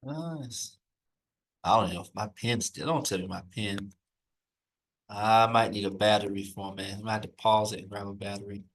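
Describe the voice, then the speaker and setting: A man teaching a live lesson, reading old texts slowly aloud and then explaining them in loose, searching asides. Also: fairly low pitch, a bit bright, recorded from a distance, low-quality recording. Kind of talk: live recorded scripture lesson.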